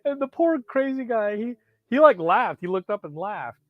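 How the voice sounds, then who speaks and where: Telling a rambling, foul-mouthed tale about knives, a vlogger and collector from Hollywood, California keeps restarting and flaring into animation. His high voice swings widely in pitch at a normal speed, and the dry recording sounds dull.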